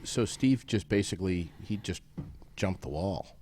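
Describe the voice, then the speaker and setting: A man hosting a casual talk show, easygoing and asking questions with halting restarts. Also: low voice, animated, darkish tone, a little hiss or hum.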